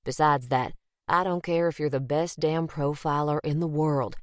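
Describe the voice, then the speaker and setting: A woman reading the part of an earnest younger man with a Southern US drawl, gentle and reassuring in an audiobook. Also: on the high side, fairly even intonation, normal speed, smooth, no room sound, clean studio sound, lightly acted.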